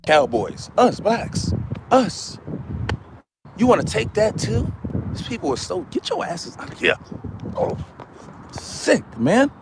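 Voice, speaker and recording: A man playing a boastful, hot-tempered man who rants on a live stream, swinging from muttering to yelling. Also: high-pitched, very animated, slow pace, pauses often, noisy background, full character voice. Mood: scornful. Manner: ranting, repetitive, swinging from mutters to yells. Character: loud boastful ranting man, quick to anger.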